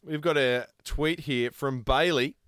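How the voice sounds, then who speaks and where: A man's voice: a little high, a little slow, fairly bright tone, a little hiss or hum. A man co-hosting a podcast who swears casually, laughs a lot and reads listener tweets. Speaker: podcast co-host. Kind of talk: casual chat, reading tweets.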